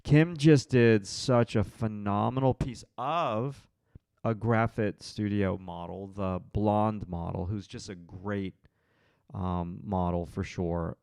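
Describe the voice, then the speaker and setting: A man with a low, gravelly voice teaches portrait drawing on a live stream. He thinks aloud as he works and answers viewers in the chat. The sound is close and dry. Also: fairly even intonation, slow pace, a little mellow, dry recording. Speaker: art instructor hosting a live stream.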